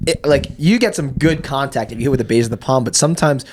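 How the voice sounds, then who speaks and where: A man's voice: medium pitch, fast talker, background noise. A young man on a podcast, telling stories in casual chat with a lot of swearing and restarts. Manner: profane, animated storyteller who uses many restarts.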